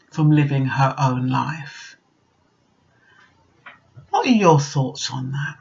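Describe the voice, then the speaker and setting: An older British woman vlogger who gives life advice in a direct, chatty monologue. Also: deep voice. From Britain. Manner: direct, chatty, acts out quoted voices. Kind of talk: casual storytelling monologue. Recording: dull lo-fi recording.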